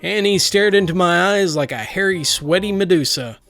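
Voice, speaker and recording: A man with a notably high voice for his sex reads a first-person story aloud, steady and lightly wry. Faint music plays under the narration. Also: normal speed.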